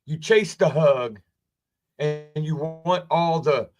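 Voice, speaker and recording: Angry high-voiced man ranting. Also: slow pace, darkish tone, faint music behind. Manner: angry, swearing, repeating "right?". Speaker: wrestling streamer. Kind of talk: profane rant. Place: home basement.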